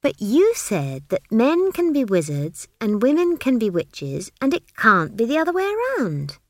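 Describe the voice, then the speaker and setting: An earnest young girl asks question after question in a high, lively voice, played by a woman reading the story. It is close and dry, with no room sound. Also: measured pace, no echo.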